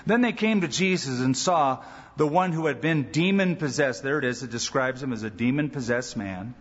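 A man preaching a sermon as pastor, animated, acting out quoted voices. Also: fairly quick, husky. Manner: animated, acts out quoted voices with rising pitch. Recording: dull church recording with long reverb.

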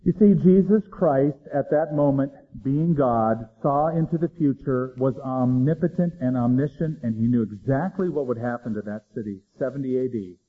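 A man preaching a sermon, dramatic, swinging between loud emphasis and hushed low lines. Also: moderate pace, few pauses, slightly rough, phone-quality sound. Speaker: pastor.

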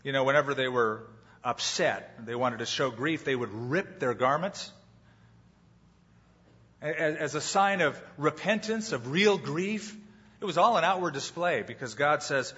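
A man's voice: on the high side, expressive, measured pace, fairly bright tone, breathy edge. Man preaching a dramatic sermon. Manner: dramatic, acts out quoted voices. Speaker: pastor. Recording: muffled hall recording with long reverb.

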